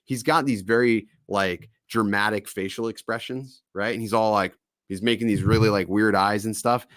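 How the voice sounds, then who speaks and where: Profane, animated male stream host. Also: fairly low pitch, normal speed, dry recording, clean studio sound. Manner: loose, profane, animated storytelling. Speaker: podcast host. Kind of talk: casual live-stream chat.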